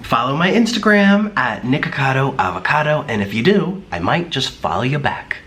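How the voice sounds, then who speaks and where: A man in his twenties chatting in a casual mukbang vlog, excitable and gushing. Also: mid-range voice, moderate pace. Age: 20s. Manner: excitable, gushing, many gasps and squeals. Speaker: vlogger. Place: apartment in a busy city. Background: faint street ambience.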